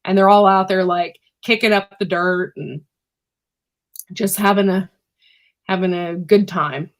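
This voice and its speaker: Chatty woman clearing her throat. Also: mid-range voice, steady tone, a little slow. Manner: rambling, chatty, many fillers. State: keeps clearing her throat, irritated by pepper fumes. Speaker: livestream host and homesteader. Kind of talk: casual livestream chat. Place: indoors at home.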